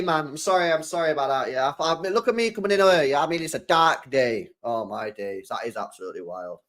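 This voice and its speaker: A man's voice: on the high side, very animated, moderate pace, fairly bright tone. A young man chatting casually on a football stream, exasperated, swearing often and laughing.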